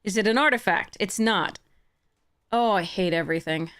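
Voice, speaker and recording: A woman streamer giving gameplay commentary on a livestream, swearing and ranting in frustration, with high shouted bursts. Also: moderate pace, smooth.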